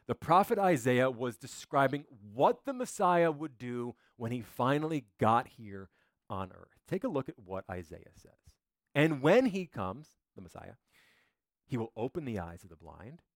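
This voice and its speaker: A man's voice: mid-range voice, no room sound, clean studio sound. A man preaching a sermon as a pastor, quoting scripture dramatically, with occasional stammered restarts.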